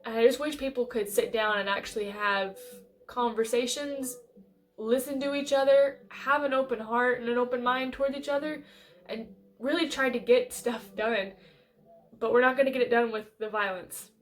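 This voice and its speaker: Earnest American woman vlogging, slightly high. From United States. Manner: earnest, halting, thinks aloud with restarts. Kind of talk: casual life-update vlog.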